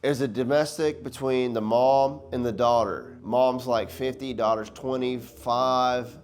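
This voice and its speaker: A man's voice: medium pitch, steady tone, unhurried. Rowdy profane man telling stories. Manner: rowdy, profane, laughing storyteller. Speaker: guest. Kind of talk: casual storytelling chat.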